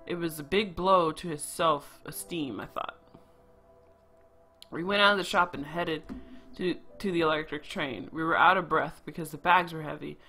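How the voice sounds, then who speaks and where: A game streamer reading a story game's narration aloud, with quick asides of their own. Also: medium pitch, fairly even intonation, bright, forceful tone, soft background music.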